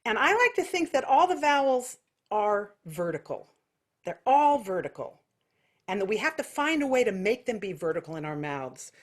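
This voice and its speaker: An American woman teaching an online singing lesson, explaining technique and breaking into loud nasal vocal exercises. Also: medium pitch, sing-song, normal speed. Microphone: video call.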